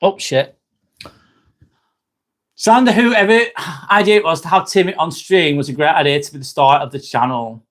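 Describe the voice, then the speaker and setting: A man's voice: fairly high pitch, moderate pace, long pauses, a bit bright. A man hosting a casual live stream, joking, laughing often and answering chat comments.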